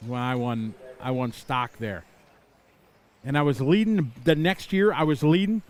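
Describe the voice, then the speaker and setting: A middle-aged man doing live play-by-play commentary at an outdoor racetrack. He is chatty and excitable, laughing and shouting out crashes as they happen. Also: medium pitch, a little slow. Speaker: race commentator.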